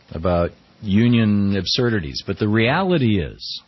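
A middle-aged man hosting a talk radio show, running through the news with a wry, chatty manner and a voice that swoops up and down. His tone is slightly husky, and the sound is dry and a little dull. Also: lowish voice, big pitch swings, moderate pace, no room sound. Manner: wry, conversational, quotes people in mock voices. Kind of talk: news commentary.

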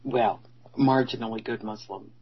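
A man with a mid-range, slightly husky voice adds wry one-liners and agreement in casual talk-show banter. The sound is dull and lo-fi. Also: mid-range voice, fairly even intonation. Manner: wry, agreeing, quick quips. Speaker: podcast co-host.

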